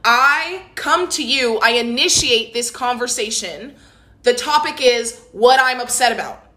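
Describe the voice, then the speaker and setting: A woman's voice: a little high, expressive, unhurried, pushed and bright. A woman in casual podcast chat who talks in a thoughtful, analytical way. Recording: roomy echo.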